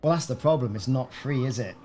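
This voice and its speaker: A man's voice: mid-range voice, brisk, dark tone, slight background noise. A man casually chatting on a game live stream, rambling and answering viewers by name. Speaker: gaming streamer.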